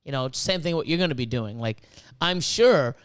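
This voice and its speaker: A man hosting a podcast, chatting casually in a rambling, profane and animated way. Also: a little high, moderate pace, clear, resonant tone. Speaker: podcast host.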